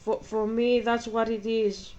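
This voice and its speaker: Lady chatting, keeps repeating herself, kinda high voice, muffled lo-fi sound. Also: flat delivery, a little slow, darkish tone. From Greece. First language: Greek. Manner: hesitant, repeats words, searches for words. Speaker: vlogger. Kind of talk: casual emotional chat. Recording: dull lo-fi recording.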